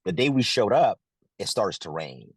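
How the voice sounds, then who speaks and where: Low-voiced man telling a story. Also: normal speed, breathy edge, dry recording. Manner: animated, acts out quotes, many restarts. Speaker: actor and director, interview guest. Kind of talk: casual interview storytelling.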